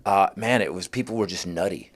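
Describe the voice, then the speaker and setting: A middle-aged man, a comedian guest on a podcast, telling an animated, profane anecdote and acting out voices. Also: sits low, a little fast. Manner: lively, acts out voices in his anecdotes, swears freely.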